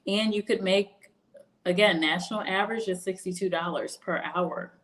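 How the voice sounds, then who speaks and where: A woman's voice: mid-range voice, normal speed, a bit bright. Young woman chatting on a stream, laughs a lot, goes off on little story tangents. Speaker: career video host. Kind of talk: casual livestream chat.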